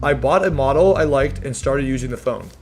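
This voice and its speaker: Man reading as an aggrieved male plaintiff, subdued, lower voice, video game, faint music. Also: fairly quick, lightly acted.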